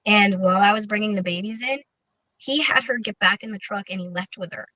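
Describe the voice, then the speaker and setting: A woman being interviewed, recounting a personal story in a candid, halting way with many fillers and restarts. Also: mid-range voice, pushed and bright, no echo. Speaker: interview guest. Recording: dull, dry lo-fi recording.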